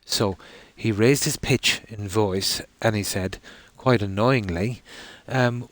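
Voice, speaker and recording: Irish male streamer, low voice, rambling anecdote style, dry close sound. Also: slow, no room sound. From Ireland. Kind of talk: casual storytelling while streaming.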